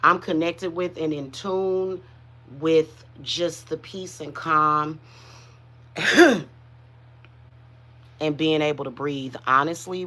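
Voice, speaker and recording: A woman's voice: low-pitched, a bit bright. A woman who hosts a spiritual reading channel, speaking in casual, emotional livestream chat with many restarts. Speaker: spiritual reader and channel host.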